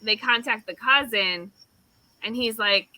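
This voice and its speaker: A woman's voice: a little high, a little slow, no echo, poor audio. A woman co-hosting a casual podcast, retelling a story with lots of swearing and acted-out quotes. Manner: animated storyteller, swears freely, acts out quotes. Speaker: podcast host.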